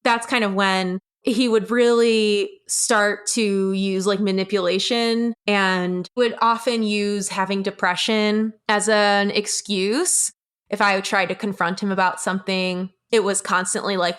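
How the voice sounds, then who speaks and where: A woman's voice: medium pitch, flat delivery, measured pace, fairly bright tone, smooth. A young adult woman, a guest on the show, recounting a personal story in a blunt, candid way and swearing freely. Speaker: podcast guest.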